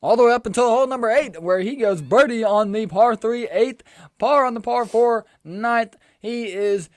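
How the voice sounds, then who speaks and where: A young man co-hosting a casual golf podcast, rattling off scorecard recaps in a brisk, slangy way. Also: very high voice, no room sound. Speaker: sports podcast co-host. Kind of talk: casual sports chat.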